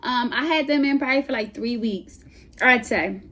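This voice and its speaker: A woman's voice: on the high side, moderate pace. Chatty, slangy young woman vlogger. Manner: chatty, slangy, hyped and animated. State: a little out of breath. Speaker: beauty vlogger. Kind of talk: casual hair review vlog.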